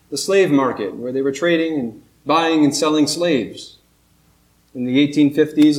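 A man preaching a sermon, telling a story earnestly with slow, emphatic pauses. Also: on the high side. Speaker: pastor. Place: church sanctuary. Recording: echoey church room.

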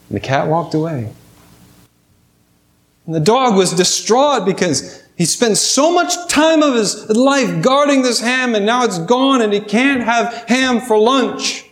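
High-voiced preacher asking rhetorical questions. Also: male voice, lively intonation, measured pace, a bit bright. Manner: storytelling, rhetorical questions to the congregation. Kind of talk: sermon.

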